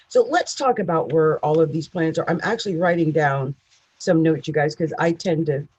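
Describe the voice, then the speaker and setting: A woman's voice: lowish voice, slightly rough, poor audio. A woman astrologer giving a casual, chatty horoscope reading with emphatic asides. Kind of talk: casual monthly horoscope talk.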